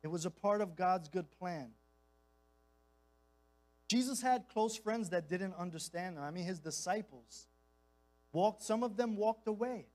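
A man's voice: sits high, animated, a little slow, long pauses, darkish tone, rough recording. A man preaching as a guest speaker in a church, mixing impassioned, conversational delivery with casual slang and repeated phrases. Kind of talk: sermon.

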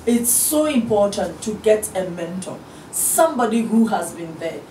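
A woman's voice: mid-range voice, animated, normal speed, mellow. A middle-aged woman minister, a guest on an interview show, speaking in an earnest, encouraging way and acting out the voices she quotes. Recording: roomy studio audio from a distant mic, faint hiss.

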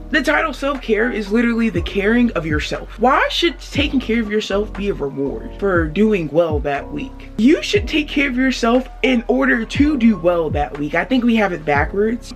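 A woman vlogging from her bed, giving encouraging self-care advice to the camera and calling viewers babe. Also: medium pitch. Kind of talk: casual advice talk to camera.

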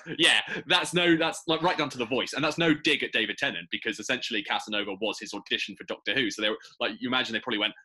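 A man co-hosting a podcast, talking things through casually and animatedly. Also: medium pitch. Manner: quick, bright and animated, musing aloud. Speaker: podcast co-host. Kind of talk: casual chat.

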